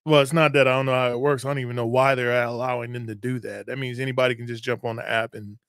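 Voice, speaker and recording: An easygoing man co-hosts a relaxed livestream, greeting and thanking viewers. His voice sits in a middle pitch, recorded close and dry. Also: fast talker, smooth, no room sound. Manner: laid-back, greeting viewers. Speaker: co-host. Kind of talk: casual livestream chat.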